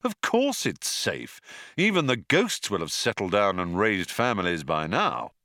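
A man's voice: on the low side, huge pitch swings, a little slow, pushed and bright, no room sound, studio quality, exaggerated voice. A man voicing a brash, dismissive space captain in an audiobook.

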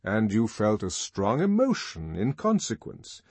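A man's voice: on the low side, wildly swooping pitch, a little slow, darkish tone, slightly rough, dry recording, full character voice. A man playing a lofty lecturing controller. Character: older man, commanding world controller.

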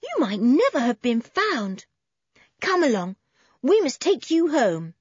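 A woman voicing a bold tomboy girl who gives brisk, eager commands. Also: sits high, sing-song, darkish tone, slightly rough, no room sound, highs cut off, voice pushed up, exaggerated voice.

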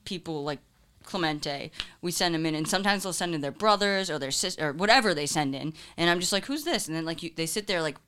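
A woman's voice: deep voice, fast, a little hiss or hum. A young woman chatting casually on a podcast, swearing freely and acting out the people in her stories. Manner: animated, swearing, acts out quotes. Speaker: podcast co-host. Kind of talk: casual chat, storytelling.

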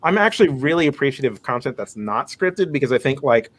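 A man's voice: mid-range voice, expressive, fast. A man, a guest creator, chatting casually on a podcast in a teasing, slangy manner.

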